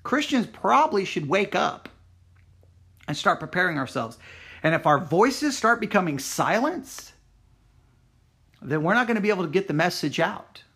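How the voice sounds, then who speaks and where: A man's voice: sits high, sing-song, normal speed, long pauses, fairly bright tone. A man from Texas hosting a Christian talk program, speaking in a casual, rambling monologue with frequent restarts and fillers. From Texas, USA.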